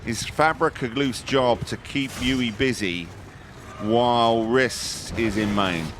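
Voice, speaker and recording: A man giving live commentary on a competitive online match, chatty and jokey, breaking into excited high exclamations. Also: slow, a little hiss or hum. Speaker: esports commentator.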